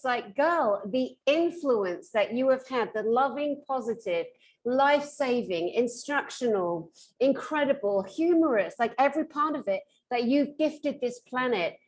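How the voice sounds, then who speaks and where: A woman with a somewhat high voice hosts a casual chat, gushing with praise and enthusiasm. She speaks over a video call in a loose, conversational style. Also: expressive, a little slow. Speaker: host.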